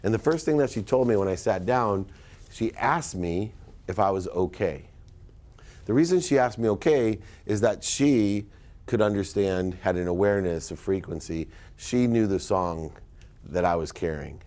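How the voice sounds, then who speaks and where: A middle-aged man giving a motivational speech to a live audience, telling stories emphatically and swinging between loud punchlines and quiet asides. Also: fairly low pitch, lively intonation, moderate pace. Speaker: keynote speaker.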